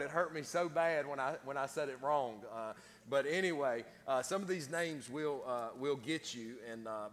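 Rambling preacher in echoing church. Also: male voice, a little high, fairly bright tone. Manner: rambling, self-deprecating, joking with the congregation. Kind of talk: sermon with casual asides. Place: church sanctuary. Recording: long church reverb.

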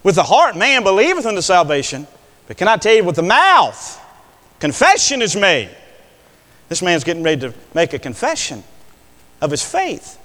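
An older male preacher delivering an impassioned sermon, swinging between hushed words and loud declarations. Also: high voice, huge pitch swings, normal speed. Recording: long hall reverb.

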